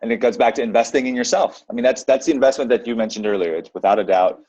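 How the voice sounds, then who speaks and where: A man hosting a podcast interview who affirms his guest warmly and speaks directly to his listeners. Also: mid-range voice, racing, dry recording, dull audio. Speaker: podcast host.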